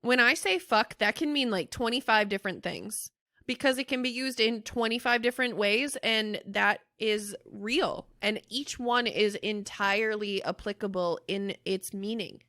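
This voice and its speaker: Bright, dry-voiced woman swearing freely. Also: mid-range voice, moderate pace, no room sound. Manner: animated, swears freely, laughs loudly. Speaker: podcast co-host. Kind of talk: casual chat.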